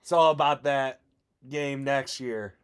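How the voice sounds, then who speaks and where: A man co-hosting a podcast in casual chat, joking and swearing, sometimes yelling mock chants. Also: mid-range voice, unhurried, smooth. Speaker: podcast co-host.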